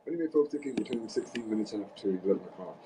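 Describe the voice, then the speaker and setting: A man's voice: lowish voice, animated, rapid-fire. A man co-hosting a radio show, joking and chiming in, then reading station details. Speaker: radio co-host. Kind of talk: casual radio banter. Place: radio studio. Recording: distant mic with background noise.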